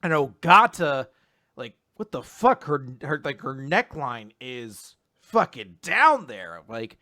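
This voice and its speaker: A man's voice: slow, no room sound, studio quality. A man co-hosting a casual manga recap podcast, animatedly acting out characters' lines and swearing casually. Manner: animated, acts out characters' lines with big pitch jumps. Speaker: podcast co-host.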